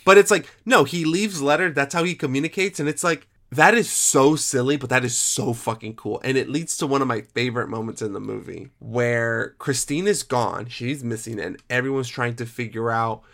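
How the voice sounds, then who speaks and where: Animated, swearing man reviewing a movie. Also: medium pitch, normal speed, hardly any pauses. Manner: animated, swears, acts out reactions. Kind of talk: casual movie review chat.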